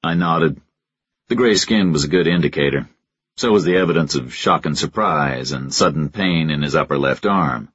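A man narrating a first-person crime story in a measured, deadpan way. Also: rumbling low, husky, dry recording, dull audio. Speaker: audiobook narrator.

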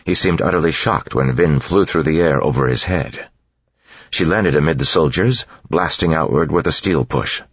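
A man narrating an audiobook in a steady, measured storytelling voice, in a dull lo-fi recording. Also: a bass voice, husky, no echo. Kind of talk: scripted narration.

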